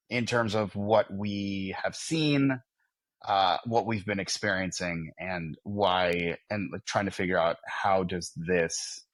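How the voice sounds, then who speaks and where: A man's voice: low-pitched, fairly bright tone, no room sound, studio quality. A middle-aged man with an American accent, co-hosting a casual podcast chat with wry, self-deprecating banter. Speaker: podcast co-host.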